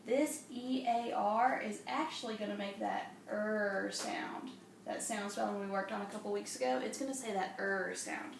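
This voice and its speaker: A woman's voice: medium pitch, gravelly. Patient teacher woman, echoey room. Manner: slow, patient, encouraging classroom tone. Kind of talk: early reading lesson for young children. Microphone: camera a few steps away. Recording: echoey room from a distance, faint hum.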